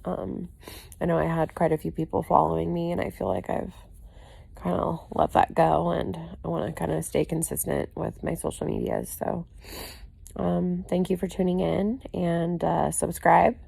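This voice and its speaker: A woman's voice: fairly low pitch, steady tone, normal speed, gravelly, warm tone, slightly rough, no echo. A woman giving a candid, rambling personal video update, full of "you know" and "like" fillers and casual swearing. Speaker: vlogger.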